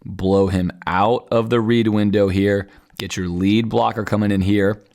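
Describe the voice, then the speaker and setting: A man's voice: lowish voice, fairly even intonation, a little slow, darkish tone. A man hosting a podcast, talking viewers through football game film in a conversational, analytical way. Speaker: podcast host.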